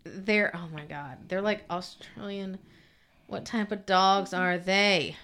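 Smooth-voiced chatty woman co-host. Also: medium pitch, fairly even intonation, takes it slowly, a bit bright. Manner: chatty, rambling storyteller full of "like". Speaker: podcast co-host. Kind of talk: casual chat.

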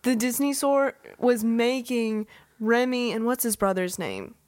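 A woman's voice: fairly high pitch, expressive, darkish tone, dry recording. A woman in her twenties co-hosting a podcast, chatting casually, telling childhood stories and laughing easily. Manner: chatty, storytelling, quick to laugh. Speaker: podcast co-host. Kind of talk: casual chat.

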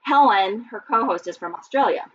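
A woman hosting a podcast in casual chat, giggly and rambling as she talks quickly. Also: fairly high pitch, animated, a bit bright. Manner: giggly, rambling, fast-talking. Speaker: podcast host. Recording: distant mic, dull sound, faint noise.

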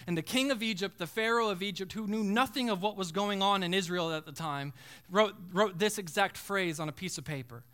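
Male pastor, fervent sermon delivery, high and bright. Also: a little fast, smooth. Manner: preaching with dramatic swells from hushed to shouting.

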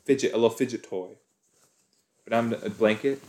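A man's voice: on the low side, normal speed, a little mellow. A man hosting a podcast, chatting casually and thinking aloud with a rambling, joking manner into a desk microphone. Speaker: podcast host. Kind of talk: casual rewatch commentary. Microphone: desk microphone with a cord.

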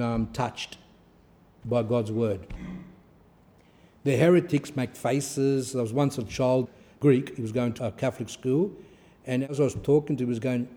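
A man preaching a fervent sermon, telling stories and repeating phrases for emphasis, swinging from loud to quiet. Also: medium pitch.

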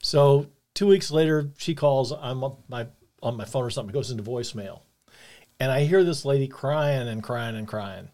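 A man's voice: medium pitch, normal speed, darkish tone. An older man, earnest and reflective, telling a personal story about faith and loss. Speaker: podcast co-host.

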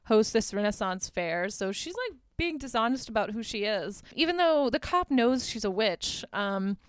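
A woman's voice: a little high, sing-song, normal speed, clean tone, no room sound, clean studio sound. A woman hosting a podcast, casually recapping a movie in a chatty, amused way with lots of filler words. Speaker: podcast host.

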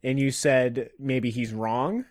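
A man's voice: mid-range voice, fairly even intonation, slow pace, no room sound, clean studio sound. A man co-hosting a casual comedy podcast, riffing and joking with his friend. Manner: jokey, riffing with bits and impressions. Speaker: podcast co-host.

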